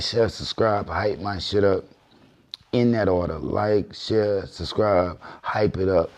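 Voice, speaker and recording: A male host in a relaxed, slangy flow, his voice dropping low and unhurried. He talks like he's chatting with regulars, easy and loose. Nothing is pushed hard. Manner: laid-back, low, slangy plugs. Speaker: channel host. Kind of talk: casual commentary and sign-off.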